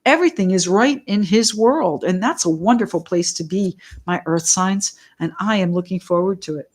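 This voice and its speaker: A middle-aged woman runs a live tarot reading, chatting excitedly, addressing viewers directly, greeting them by name and wandering off on tangents. Her voice is medium in pitch and her speed is normal.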